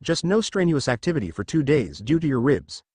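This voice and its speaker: Give me a man playing a blunt, scolding young ninja medic with a lively voice. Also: on the high side, brisk, breathy edge, dry recording, clean studio sound. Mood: stern.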